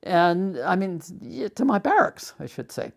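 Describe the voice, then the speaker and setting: An older man in a documentary interview, telling a personal story with halting restarts and rising agitation. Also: sits high, very animated, creaky.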